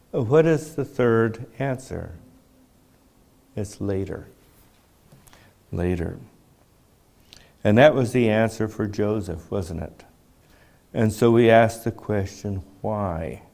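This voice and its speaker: A man in his seventies preaching a sermon in a measured, reflective way, often asking his listeners rhetorical questions. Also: lowish voice, a little mellow. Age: 70s.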